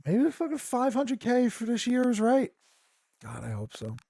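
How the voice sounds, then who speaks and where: A man hosting a podcast, reading news articles aloud and breaking into profane, excitable asides. His voice turns squeaky when he gets worked up. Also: moderate pace, vocal fry, husky, dry recording. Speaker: podcast host.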